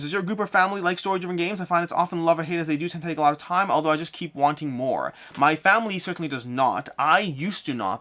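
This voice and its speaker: Fast, bright-voiced man chatting live. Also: mid-range voice. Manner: chatty, thinks out loud, repeats and corrects himself. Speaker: board game content creator hosting a live Q&A. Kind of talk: casual live-stream Q&A, reading chat questions aloud.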